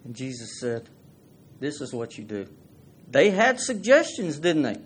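A man preaching, folksy and conversational. He reads scripture aloud and keeps turning to the congregation with questions. His voice sits at a middle pitch. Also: very animated, unhurried, slight background noise. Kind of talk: sermon.

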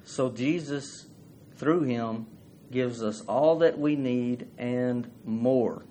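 Man, preacher, folksy sermon, asks questions, mid-pitched voice. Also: very slow, dark tone, a little hiss or hum.

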